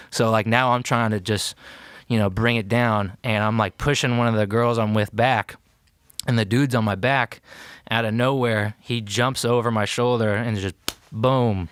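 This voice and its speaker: American guy for a podcast-guest storyteller, low smooth voice, acts out the quotes, dry studio sound. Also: moderate pace, no echo. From United States. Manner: animated retelling, acting out quotes, many fillers. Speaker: podcast guest, war veteran. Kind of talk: casual storytelling.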